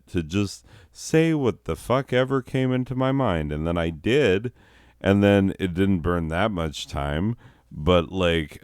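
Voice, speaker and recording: Male comedy host, high, profane rambler, deep, dry close voice. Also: darkish tone, clean tone, no echo. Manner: profane, giggly, meandering. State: high on edibles.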